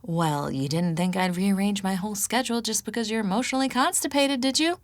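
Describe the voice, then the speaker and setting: A woman's voice: medium pitch, brisk, dry recording, lightly acted. A woman narrator voicing a brash, sarcastic woman healer who teases in a breezy, wisecracking way.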